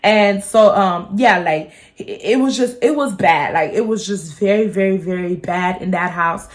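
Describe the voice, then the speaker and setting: A woman in her twenties, a vlogger telling a personal story in a chatty, animated way, swearing freely. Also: on the low side, normal speed. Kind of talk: casual storytime vlog.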